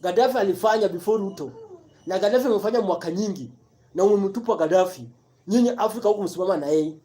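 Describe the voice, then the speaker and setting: Fired-up commentator, mellow voice. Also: mid-range voice, fast. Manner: repetitive, emphatic, rhetorical questions. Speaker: live-stream commentator. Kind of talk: impassioned political rant mixing Swahili and English.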